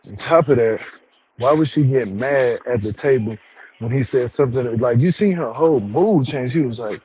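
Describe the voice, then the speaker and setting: A man's voice: mid-range voice, normal speed, highs cut off, a little hiss or hum. Laid-back man chatting casually. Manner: laid-back, slangy, chuckles often. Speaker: show review host. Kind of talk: casual chat.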